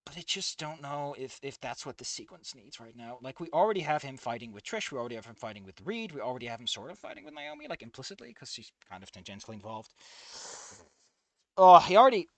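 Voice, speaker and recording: A man's voice: mid-range voice, big pitch swings, fast talker, gravelly, dry recording. A man giving a profane, exasperated running commentary while reading a fanfic. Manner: profane, exasperated, swearing often. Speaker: fanfiction reviewer.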